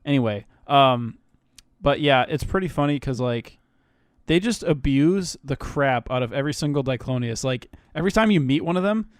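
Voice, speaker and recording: A man chatting on a podcast, animated and quick to laugh, with plenty of swearing. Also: medium pitch, clear, resonant tone, no echo, clean studio sound. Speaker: podcast co-host. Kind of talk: casual podcast chat.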